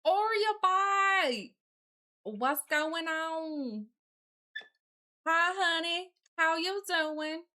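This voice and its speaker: A woman's voice: extremely high pitch, animated, pushed and bright, voice pushed up, exaggerated voice. Woman putting on a Southern-drawling sweet-talker. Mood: delighted greeting. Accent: put-on American Southern. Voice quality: slow drawl, calls people honey and sugar. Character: sweet-talking Southern woman, friendly, folksy.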